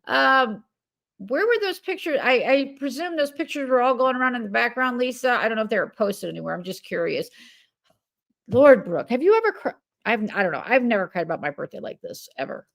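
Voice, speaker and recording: A woman's voice: on the high side, expressive, fairly quick. A woman in her fifties co-hosting a livestream, commenting in a sarcastic and exasperated way. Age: 50s. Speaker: livestream co-host.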